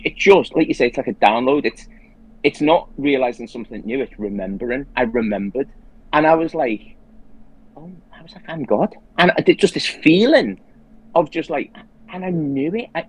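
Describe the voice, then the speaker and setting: A man's voice: a little high, breathy edge, rough recording. A man hosting a casual conversation who tells his story earnestly and with animation, restarting his sentences often. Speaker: host.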